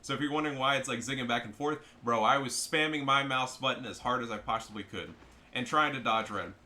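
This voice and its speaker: A young man giving casual, profane, excitable commentary over his own strategy game match. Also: mid-range voice, quick pace. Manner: profane, excitable, trash-talking. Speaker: gameplay commentator.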